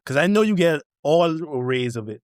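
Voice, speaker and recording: A man co-hosting a podcast with a high, lively voice that swoops around a lot. He teases his friends playfully. The mic is dry and close. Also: brisk, no echo. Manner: playful, teasing, laughs often. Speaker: podcast co-host. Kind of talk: casual chat.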